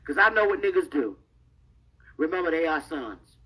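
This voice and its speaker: A woman's voice: low-pitched, lively intonation, normal speed, fairly bright tone, husky, rough recording. A woman in a played clip, speaking in a rallying, affirming way.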